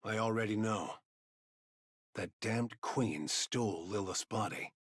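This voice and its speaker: A man's voice: fairly low pitch, slow pace, no room sound. An actor playing an aging male commander in a game, with a dry, teasing way of talking. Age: older. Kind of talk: game voice acting.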